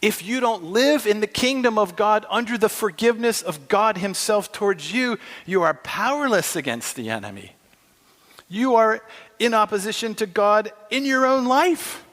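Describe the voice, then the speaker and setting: A man's voice: sits high, animated, normal speed, a bit bright. A man preaching a sermon in an impassioned, emphatic way, acting out dialogue. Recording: long hall reverb.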